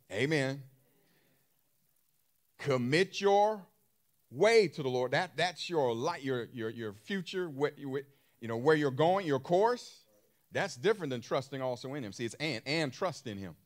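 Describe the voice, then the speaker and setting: A man preaching a sermon in an emphatic style, repeating phrases and throwing questions to his listeners, with features. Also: medium pitch. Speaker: pastor.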